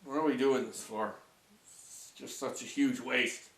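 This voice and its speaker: A man's voice: mid-range voice, steady tone, measured pace, a bit bright, close to an everyday voice. A man voicing a weary, washed-up male cartoon star who moans and rambles in complaining rants. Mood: gloomy. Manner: whiny, moaning, rambling rants. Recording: roomy echo from a distant mic.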